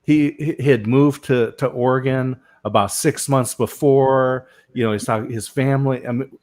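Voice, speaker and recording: A man's voice: mid-range voice, steady tone, normal speed, a little mellow. A man hosting a live panel talk show, telling stories and often asking "right?". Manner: storytelling, asks rhetorical "right?". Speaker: show host.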